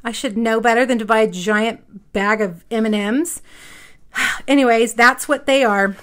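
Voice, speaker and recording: High-voiced chatty woman. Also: a bit bright. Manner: chatty, rambling, many fillers and asides. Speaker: papercraft demonstrator. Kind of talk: live craft tutorial chat.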